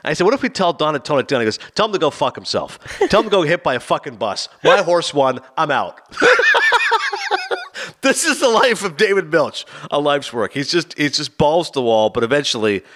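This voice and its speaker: A man's voice: a little high, a little fast. A man co-hosting a casual podcast, retelling anecdotes and briefly acting out the people in them. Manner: animated storyteller, acts out quoted people. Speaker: podcast co-host.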